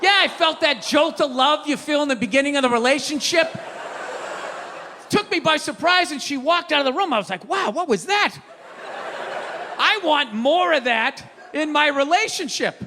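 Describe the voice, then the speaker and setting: A man rants on stage in a high, bright, shouting voice, exasperated and swearing freely. A long hall reverb carries his voice over a faint audience murmur. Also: normal speed, a little hiss or hum. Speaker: stand-up comedian. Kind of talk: stand-up rant. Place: theater stage before an audience.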